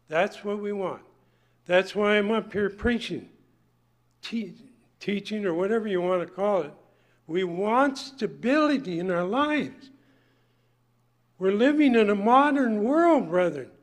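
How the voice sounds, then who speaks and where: Older male preacher, high voice, folksy and emphatic sermon delivery. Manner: folksy, emphatic, swings from loud to hushed.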